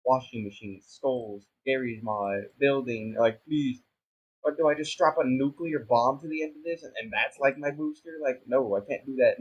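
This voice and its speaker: A man's voice: mid-range voice, moderate pace, husky, dull audio. Flustered, self-mocking young man gaming. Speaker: gaming YouTuber. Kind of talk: casual gameplay commentary.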